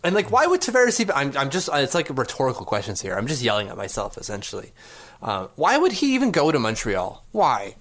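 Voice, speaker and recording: A man's voice: medium pitch, huge pitch swings, fairly quick, a bit bright. A man hosting a sports podcast, ranting sarcastically with rhetorical questions. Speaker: podcast host. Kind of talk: casual sports podcast rant.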